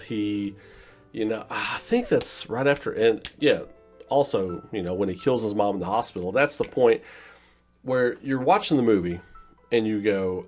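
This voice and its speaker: A man's voice: on the low side, a little mellow. A man giving a casual, rambling film review, full of "you know" fillers and acting out scenes in quoted voices. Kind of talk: casual spoken movie review.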